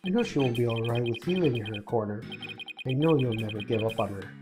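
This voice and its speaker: A woman with a low voice voicing a weary, self-pitying older male astronaut, read aloud over game music. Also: expressive, fairly quick. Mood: earnest. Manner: earnest, mournful, self-deprecating.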